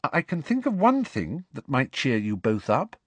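A man voicing an anxious, earnest clever teenage girl in an audiobook, speaking softly. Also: medium pitch, wildly swooping pitch, normal speed, slightly rough, no room sound, voice pushed up. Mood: hopeful. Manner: soft, concerned.

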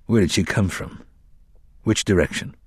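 A man doing a terse, low-voiced gunslinger. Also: moderate pace, husky, dry recording, clean studio sound. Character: terse, hard male gunslinger, low and flat.

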